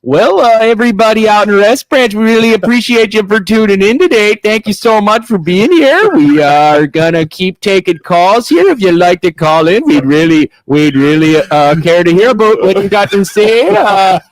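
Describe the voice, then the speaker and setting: A man's voice: high voice, animated, normal speed, few pauses, no echo, pitched above the performer's own voice. A man voicing a friendly Canadian announcer in a put-on Canadian accent, polite and hesitant.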